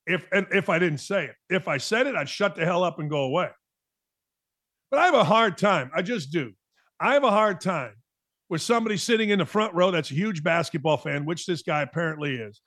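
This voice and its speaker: A man's voice: high-pitched, fairly bright tone. A middle-aged man hosting a sports talk show, delivering a blunt, emphatic monologue with a mocking edge.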